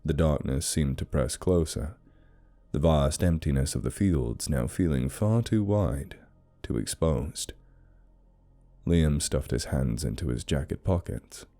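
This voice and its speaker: This is a steady, scripted horror narration by a man whose voice is extremely deep, with a dark, mellow tone. He delivers it slowly and deliberately, in a brooding manner.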